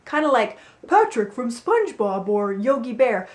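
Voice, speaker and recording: A woman vocal coach giving a singing lesson, explaining clearly and with a playful, upbeat manner. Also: on the high side, very animated, moderate pace. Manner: clear, upbeat instructive delivery with playful demonstrations. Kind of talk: singing lesson with spoken instruction. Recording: roomy echo with faint music.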